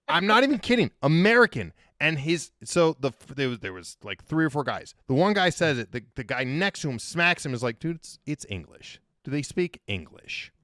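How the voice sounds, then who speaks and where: A man telling a story as a podcast guest, loose and profane. His pitch swings widely as he jokes. The sound is close and dry. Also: brisk, hardly any pauses, no room sound. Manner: animated, profane, joking. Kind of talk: casual storytelling.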